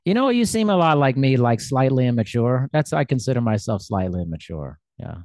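A man's voice: medium pitch, very animated, fairly quick, a little mellow, no room sound, clean studio sound. A man hosting a casual interview, chatty and self-deprecating, with lots of fillers. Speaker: podcast host.

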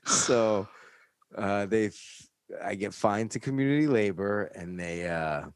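A man's voice: fairly low pitch, measured pace, clean tone, no room sound. A man from New York telling a rambling, profane story in casual chat on a close studio mic.

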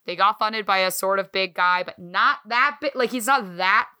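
A woman co-hosting a podcast in casual chat, talking in an animated, swearing, self-mocking way. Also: medium pitch, moderate pace, smooth. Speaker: podcast co-host.

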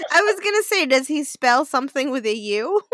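A woman with a high, bright voice and wide pitch swings, giggly and excitable, drawing her words out slowly. The sound is dry. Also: noisy background. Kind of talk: casual chat.

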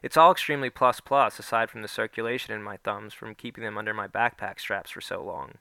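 A man's voice: lowish voice, a little fast, vocal fry, sharp tone, no room sound. A man narrating a first-person story aloud, giving the characters small shifts of voice.

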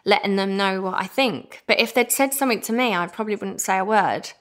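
British woman in her 30s, bright sharp voice, talks fast and animated, lots of "like" as she tells a story. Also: medium pitch. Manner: chatty and animated, heavy use of "like". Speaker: podcast guest. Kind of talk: casual storytelling chat.

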